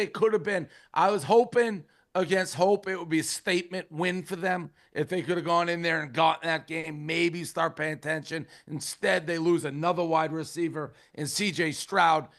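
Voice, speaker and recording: A man's voice: a little high, normal speed, vocal fry, few pauses, a bit bright. A man hosting a sports talk show, introducing callers with brash, sarcastic commentary. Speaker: host.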